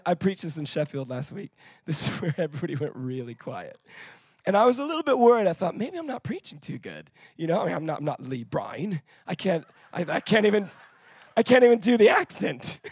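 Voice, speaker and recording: A man's voice: a little high, darkish tone, breathy edge, no echo, clean studio sound. A man preaching a sermon to a church congregation and leading call-and-response.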